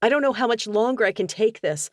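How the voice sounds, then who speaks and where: A woman reader doing a distraught young wife in an audiobook, pitched well above her narrating voice and pushed louder. Her pleading lines crack with tears. The sound is close and dry. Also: animated, fast talker, no echo, lightly acted. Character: anguished young wife, tearful and desperate. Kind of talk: audiobook character dialogue.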